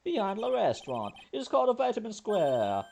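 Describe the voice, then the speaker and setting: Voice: medium pitch, huge pitch swings, a little fast, gravelly, a little mellow, slight background noise, pitched above the performer's own voice. A let's play narrator voicing a flamboyant male French restaurant owner with a put-on French accent. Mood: grand.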